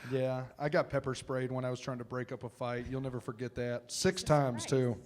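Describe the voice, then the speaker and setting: A man in his thirties, a comedian and former teacher, telling stories live on stage into a handheld mic, animated and jokey with quiet reflective stretches. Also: mid-range voice, moderate pace.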